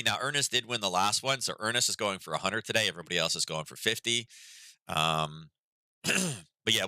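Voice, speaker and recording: Laid-back sarcastic man, bright dry voice. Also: lowish voice, no echo, rough recording. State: recovering from illness, yawning. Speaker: trading stream host. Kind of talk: casual market commentary.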